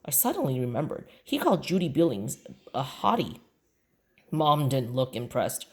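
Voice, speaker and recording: Low-voiced woman reading a storybook. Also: big pitch swings, moderate pace, a little mellow. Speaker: reader. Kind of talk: reading a children's book aloud.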